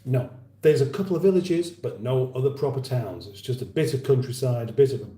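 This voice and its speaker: Brisk and warm, the medium-pitched voice of this English livestream host has lively intonation. He rambles through viewer comments with dry humour in a casual chat, recorded with a roomy echo.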